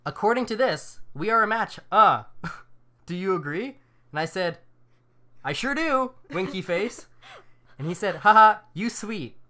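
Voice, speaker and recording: A man's voice: sits high, expressive, a little slow, long pauses, sharp tone. A man co-hosting a casual podcast, reading out dating-app messages and laughing between lines. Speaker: podcast co-host.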